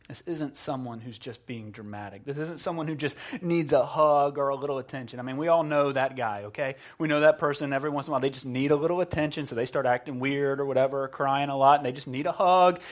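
A male pastor preaching, moving between hushed, pleading passages and raised, urgent cries, with conversational asides to the congregation. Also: on the high side. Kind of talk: sermon.

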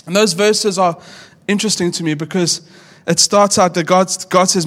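A pastor in his thirties preaches with a high, light voice. He talks to his people earnestly and casually, often stopping to restart a phrase mid-thought. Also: steady tone, normal speed, a bit bright. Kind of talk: sermon.

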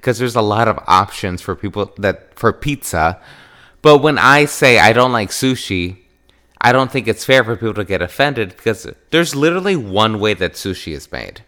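A man from Wisconsin hosting a podcast, talking in an animated, emphatic casual monologue and acting out quoted exchanges. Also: on the low side, normal speed. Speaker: podcast host.

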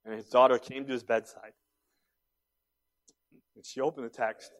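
A man preaching a sermon in a church, dropping to a hush and rising to loud, urgent appeals. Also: medium pitch, fairly even intonation, normal speed, pauses often. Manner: preaching with big swings between hushed and loud. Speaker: pastor.

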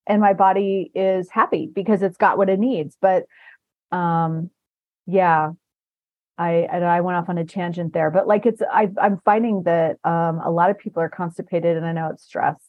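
A woman's voice: fairly low pitch, fairly even intonation, normal speed, dry recording. A woman podcast host telling rambling anecdotes in a casual chat, often laughing as she talks. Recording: dull dry lo-fi recording.

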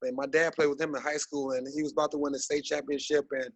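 A man in his thirties, a basketball coach guest on a podcast, talking in an animated, rambling way with many fillers. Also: fairly high pitch, quick pace, breathy edge, no room sound, rough recording. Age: 30s. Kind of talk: casual podcast interview.

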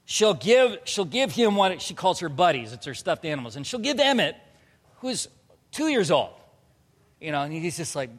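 A man in his thirties preaching a sermon, animated, moving from loud emphatic bursts to quiet earnest passages. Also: on the high side, big-room sound. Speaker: pastor.

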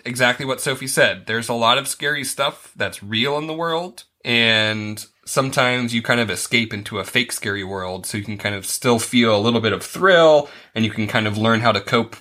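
A man's voice: medium pitch, normal speed, hardly any pauses, sharp tone. A man hosting a casual podcast, asking a child questions and explaining things plainly. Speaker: podcast host interviewing a child. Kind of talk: casual chat.

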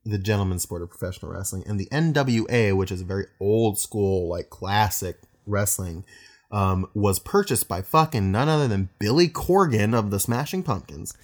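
A man's voice: lowish voice, normal speed. A man co-hosting a podcast in casual chat, laughing often and telling stories with swearing. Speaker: podcast co-host.

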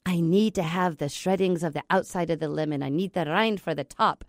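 A woman's voice: fairly low pitch, brisk, no room sound, clean studio sound, natural voice. A woman voicing a fussy, passionate male French pastry chef in a put-on French accent. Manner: passionate, pleading.

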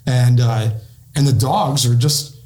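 A middle-aged retired police officer, appearing as a podcast guest, tells stories slowly in a mid-range voice. He is an animated storyteller who acts out the quotes, and the room sounds echoey.

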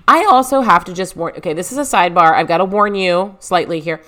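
A woman's voice: lowish voice, fast, fairly bright tone. Upbeat woman podcast host, thirties, casual and chatty, easy laughs, podcast mic at home. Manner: bubbly and chatty, laughs often. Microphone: podcast microphone.

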